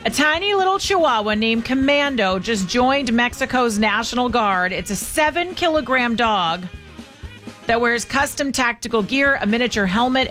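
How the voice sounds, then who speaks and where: A woman hosts talk radio with a bright, sunny timbre and a somewhat high voice. She is brisk and chatty, moving quickly between callers and light news items. Soft music plays under her. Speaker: radio talk show host.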